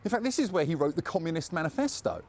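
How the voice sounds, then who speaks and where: A man's voice: fairly high pitch, animated, quick pace. A man hosting a travel video, chatting in a jokey way while walking city streets outdoors on a lapel mic. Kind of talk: casual walking-tour chat. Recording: faint street ambience.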